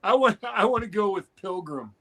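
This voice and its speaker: A man in casual podcast chat, chiming in quickly with jokes. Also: sits high, animated, a bit bright.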